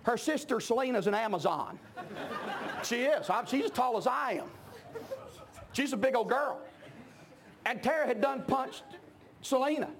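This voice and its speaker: Preacher guy, real high voice, gets loud and punchy, middle-aged. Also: expressive, moderate pace, long pauses. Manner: emphatic, shouting at peaks. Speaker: pastor. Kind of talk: sermon.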